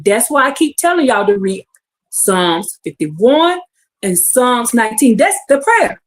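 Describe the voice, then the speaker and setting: Fervent woman preacher on a livestream, high voice, goes from hushed to shouting. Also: sing-song, measured pace. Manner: fervent, calls out to listeners, swings from hushed to shouting. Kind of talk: livestream sermon.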